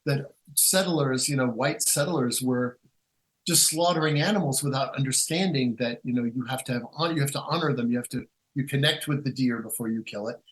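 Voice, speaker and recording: A man's voice: mid-range voice, fairly quick, low-quality recording. Rambling man telling stories as a guest. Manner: rambling, many restarts and asides; animated, acts out quotes in storytelling. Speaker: guest author. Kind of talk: casual conversational storytelling.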